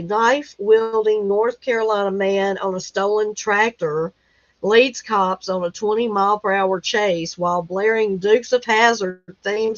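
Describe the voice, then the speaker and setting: A woman's voice: medium pitch, dry recording, lo-fi sound. A woman hosting a casual livestream, reading news headlines aloud with lots of laughter and folksy exclamations. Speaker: livestream host. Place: rural home.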